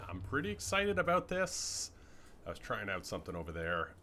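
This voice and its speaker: A man from Canada talks his way through a building session in casual, rambling gameplay commentary. His slightly low voice is bright and edged, and it bounces up and down a lot. There is a faint hiss behind him. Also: wildly swooping pitch, normal speed. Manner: rambling, chatty, lots of fillers and trailing asides. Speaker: gaming channel host.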